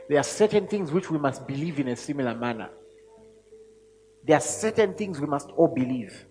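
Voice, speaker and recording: A man preaching a sermon to a congregation, speaking emphatically and rising to loud peaks when he reads scripture. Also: fairly high pitch, lively intonation, moderate pace, slight background noise. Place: church hall. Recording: long hall reverb with faint music.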